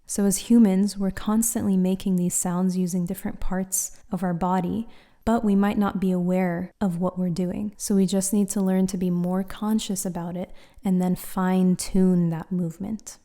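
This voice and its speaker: A woman teaching pronunciation in a patient, clear instructional style, demonstrating sounds aloud. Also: mid-range voice, flat delivery, moderate pace, warm tone. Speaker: Quran recitation teacher. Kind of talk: instructional explainer.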